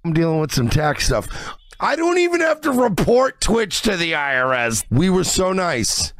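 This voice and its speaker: A man's voice: on the high side, sing-song, normal speed, fairly bright tone, no echo, studio quality. A drunk man on his stream, whining in an aggrieved tone about being wronged. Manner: whiny, aggrieved, slurring. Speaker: streamer in clip.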